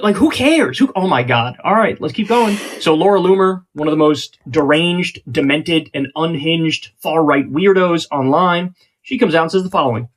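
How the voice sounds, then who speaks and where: Male video commentator, slightly high voice, sarcastic and incredulous. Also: lively intonation, normal speed. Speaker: political commentator in played video.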